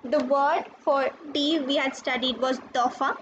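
Woman teacher, high voice, unhurried delivery, patient lesson, spells words out, dull lo-fi recording with faint hiss. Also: fairly even intonation. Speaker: French teacher.

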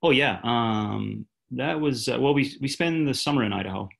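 A man talking as a podcast guest in a relaxed, halting way with many fillers. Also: mid-range voice, creaky. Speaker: podcast guest, gym founder. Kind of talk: casual conversation.

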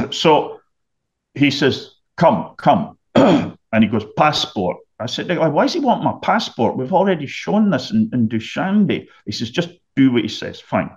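Man, middle-aged, podcast guest, vivid storytelling, clears his throat often, slightly muffled sound. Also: mid-range voice, big pitch swings, a little slow, a little mellow. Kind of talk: storytelling anecdote.

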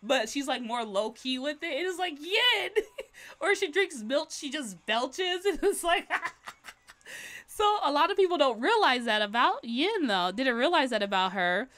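Brief: woman streamer, fairly high voice, rambling casual chat while drawing, laughs a lot. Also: lively intonation, normal speed, a bit bright. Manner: chatty, rambling, laughs often. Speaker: livestreaming artist.

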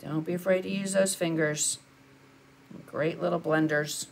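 A woman's voice: low voice, steady tone, unhurried, vocal fry, a little hiss or hum. An older woman, chatting through a live painting lesson and answering viewers as she works. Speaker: art instructor.

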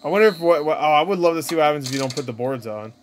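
A man hosting a casual reaction video, talking excitably, swearing and laughing at what he sees. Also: a little high, very fast, slight background noise. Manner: excitable, swears often, laughs and yelps at jump scares.

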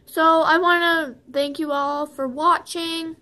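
This vlogger, a young woman with a high-pitched voice, goes slowly through a jokey beauty tutorial, dwelling on every word. Her intonation stays fairly even and her tone is sharp as she rambles in fun, starts sentences over and jokes along the way.

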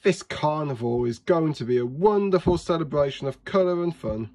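A brave, cheerful potato superhero from a children's storybook, as a man acts him out. He speaks higher and brighter than a plain reading voice, upbeat and rousing. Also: animated, normal speed.

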